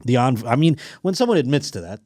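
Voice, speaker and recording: A man's voice: medium pitch, big pitch swings, fast talker, a little mellow, no room sound, clean studio sound. A man hosting a podcast, reading listener stories aloud and riffing on them with crude, sarcastic jokes. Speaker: podcast host. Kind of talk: comedic news commentary.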